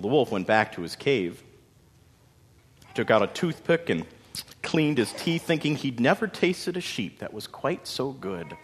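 A man narrating a story in a dramatic, expressive way with folksy asides. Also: mid-range voice. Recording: long hall reverb.

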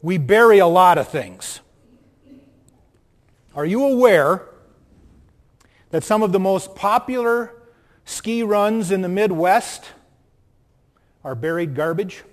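A high-voiced man with a Minnesota accent delivers an earnest sermon, his voice rising to strong emphasis. His voice rings with a long reverb through a church hall. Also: animated, slow, pauses often. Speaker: pastor.

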